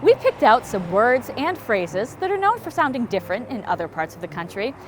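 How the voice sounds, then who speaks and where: Lively upbeat woman hosting local news. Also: fairly high pitch, fairly quick, background noise. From Connecticut. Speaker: local news show host. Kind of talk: light local news presenting.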